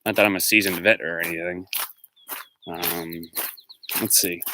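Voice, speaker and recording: A man's voice: low voice, fairly even intonation, unhurried, heavy background noise. A man, a teacher, live-streaming from a walk in the woods on his phone, chatting casually and rambling as he reads out viewer comments. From Pennsylvania. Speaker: teacher and vlogger. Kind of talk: live-stream walking vlog. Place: outdoors, walking in the woods.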